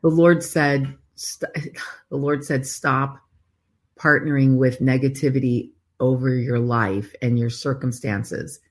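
A woman's voice: extremely low pitch, fairly even intonation, slow pace. A woman co-hosting a casual faith conversation, talking earnestly and searchingly, with many "I mean, literally" asides. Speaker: co-host of a faith talk show.

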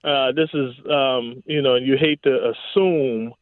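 A man's voice: mid-range voice, steady tone, a little slow, no echo. A man, a former pro football receiver, telling stories in a casual interview, laughing often and leaning on "you know what I'm saying". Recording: dry, tinny phone-like line.

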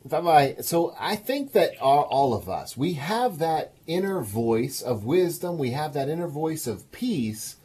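A man's voice: a little high, sing-song, unhurried, hardly any pauses, warm tone, husky. A man hosting a call-in advice show, coaching a caller with enthusiastic encouragement. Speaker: radio show host.

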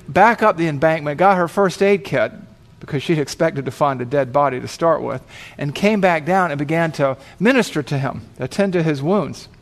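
Man telling a vivid sermon story. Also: fairly high pitch. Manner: vivid storyteller, acting out quoted voices. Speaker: pastor.

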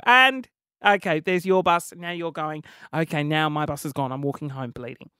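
A man's voice: high voice, normal speed, smooth, dry recording, studio quality. A young Australian man hosting a solo comedy podcast, rambling and making fun of himself. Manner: rambling, self-mocking, animated. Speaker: podcast host.

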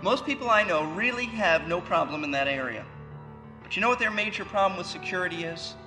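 A man's voice: sits high, lively intonation, brisk, over music, poor audio. A man teaching a Bible sermon as a pastor, emphatic and fond of rhetorical questions. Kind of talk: expository sermon.

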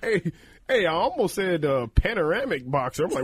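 A man jokes at his own expense on a podcast and laughs readily. His voice runs fairly high, and the recording is dry and close with no room echo. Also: big pitch swings, normal speed, husky. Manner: playful, self-mocking, laughs often. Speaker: co-host. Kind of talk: casual podcast banter.

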